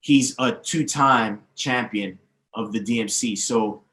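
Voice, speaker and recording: A man's voice: mid-range voice, takes it slowly, a bit bright. A man speaking as a guest in a podcast interview, confident and emphatic as he explains things at length. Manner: confident, emphatic, lists names and history. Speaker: guest, DJ teacher. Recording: roomy echoey sound.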